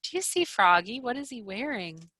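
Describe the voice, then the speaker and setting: Animated woman librarian reading to kids. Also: fairly high pitch, normal speed, no echo. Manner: animated, with gasps and questions to children. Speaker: children's librarian. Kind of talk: children's storytime read-aloud.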